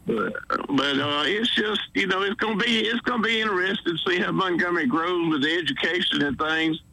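A man's voice: sits high, a little fast, vocal fry, sharp tone, dry recording, poor audio. A man with a Southern accent calling in to a radio show by phone while driving, rambling and exasperated. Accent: Southern US, Alabama. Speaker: caller. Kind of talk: call-in phone chat.

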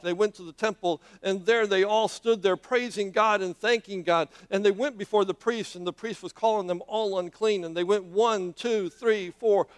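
A man with a high-pitched voice delivers a sermon, retelling a scripture story with drama. His delivery halts often, repeating words and leaning on fillers as he builds the scene. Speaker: preacher.

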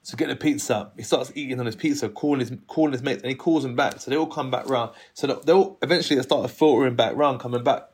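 A man's voice: mid-range voice, quick pace, hardly any pauses, slightly rough. A man in his thirties telling a story in casual conversation, acting out other people's voices and laughing often.

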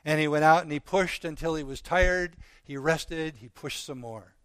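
A man preaching, telling a parable with earnest, slow dramatic pauses. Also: a little high, clean tone, dry recording. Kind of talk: sermon storytelling.

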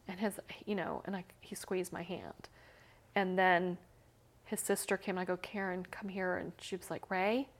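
A middle-aged woman, an interview guest, candidly telling an emotional personal story, full of fillers and sometimes dropping to a whisper. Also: lowish voice. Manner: candid, many "you know" and "like" fillers, drops to whispers.

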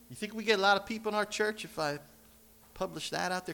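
A man preaching a sermon as pastor, animated, with sudden loud and soft passages and joking asides. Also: fast talker, gravelly. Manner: animated preaching with big swings in loudness and pitch, joking asides.

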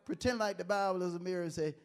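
A male pastor preaching a sermon, moving from quiet, conversational asides to loud, emphatic call-and-response lines. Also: high-pitched, racing, smooth.

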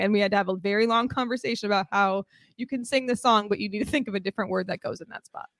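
A woman who is a teacher, chatting casually on a podcast in an animated way, often acting out quoted voices and laughing. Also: medium pitch, fast talker, dry recording, clean studio sound.

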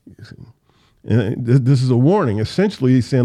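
A man teaching a casual Bible study, reading verses slowly and then explaining them in loose, conversational asides. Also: medium pitch, lively intonation, warm tone, no room sound, clean studio sound.

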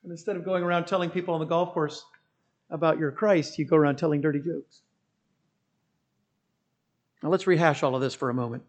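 A middle-aged man preaching a sermon as pastor, telling stories and building to loud, impassioned preaching. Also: a little high, fairly even intonation, brisk, pauses often.

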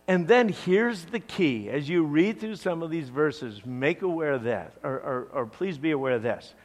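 Male pastor, sermon delivery, high voice that swings widely, emphatic. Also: normal speed, hardly any pauses. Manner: expressive, dramatic, emphatic.

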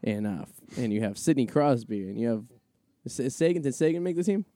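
Fast-talking man with a dark voice. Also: mid-range voice, expressive, no echo. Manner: profane, joking, rambling sports talk. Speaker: podcast co-host. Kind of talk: casual chat.

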